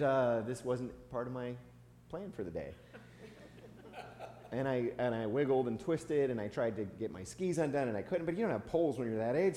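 A man's voice: medium pitch, slight background noise. Man preaching in an echoey church. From United States. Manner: conversational preaching with a personal story, some restarts and soft laughs. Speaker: pastor. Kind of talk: sermon. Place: church sanctuary. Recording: echoey church hall, faint ambience.

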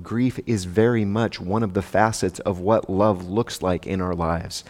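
A man's voice: sits low, fairly even intonation, a little slow, hardly any pauses, darkish tone. Man preaching in a reverberant hall. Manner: conversational, with rhetorical asides. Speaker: pastor. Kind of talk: sermon. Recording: long reverb of a large hall.

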